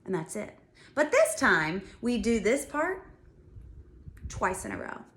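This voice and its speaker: A woman's voice: mid-range voice, very animated, slow, a bit bright, roomy sound. A woman teaching a music lesson to young children, talking and singing patiently and explaining each step. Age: adult.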